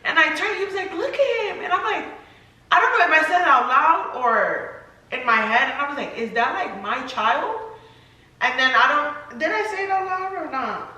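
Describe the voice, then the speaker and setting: A young woman with a bright, fairly high voice talks her way through a storytime in a chatty, filler-heavy manner that turns emotional. The recording is very echoey, with the mic some distance away. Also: expressive, moderate pace. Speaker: vlogger, new mother. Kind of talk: storytime chat.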